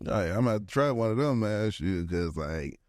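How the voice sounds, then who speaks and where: A man's voice: lowish voice, expressive, normal speed, a little mellow, no room sound, studio quality. A young man co-hosting a casual podcast, rambling in slangy talk with lots of "like" fillers. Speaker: podcast co-host. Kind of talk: casual chat.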